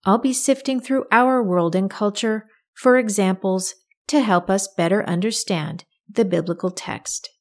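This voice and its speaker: A woman hosting a podcast, reading a scripted narration and commentary in a measured, emphatic way. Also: medium pitch, darkish tone, no echo, clean studio sound. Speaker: podcast host. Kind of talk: scripted narration of a personal story and biblical commentary.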